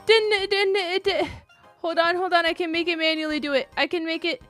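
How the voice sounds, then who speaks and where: A woman's voice: very high voice, steady tone, fairly quick, fairly bright tone, no echo, soft background music. A young woman live streamer chatting casually and gushing thanks to her viewers. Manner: gushing, effusive thanks to chat. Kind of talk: casual chat.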